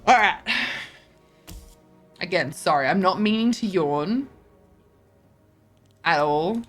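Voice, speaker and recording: A woman's voice: fairly low pitch, animated, measured pace, soft background music. A tired woman streaming a card game, chatting casually with her viewers, yawning and joking as she stumbles over her words. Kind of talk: casual live-stream chat while gaming.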